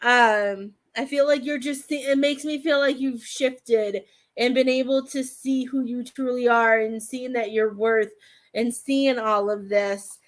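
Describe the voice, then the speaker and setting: This tarot-reading medium on a live stream has a highish voice with fairly even intonation and a measured pace. She meanders and hesitates, filling her speech with "I feel like," and now and then becomes emotional and teary.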